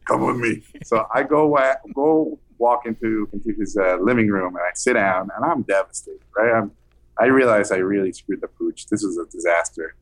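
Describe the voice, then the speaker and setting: Animated man telling a story. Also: lowish voice, normal speed. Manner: animated, acts out quoted voices. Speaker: film director guest. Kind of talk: anecdotal storytelling.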